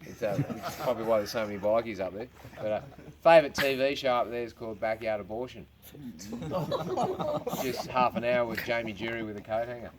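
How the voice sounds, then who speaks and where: A man's voice: medium pitch, fairly quick. A male stand-up comedian with an Australian accent, telling crude jokes and swearing stories to a small crowd at a farm party. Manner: crude, laid-back, swearing storyteller. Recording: crowd noise behind. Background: crowd laughing.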